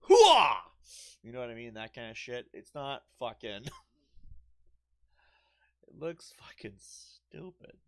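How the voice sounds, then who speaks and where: A young man hosting a let's play, ranting with profanity and mockery, often bursting into loud outbursts and laughter. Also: medium pitch, a little slow, long pauses, smooth. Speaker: gaming channel host.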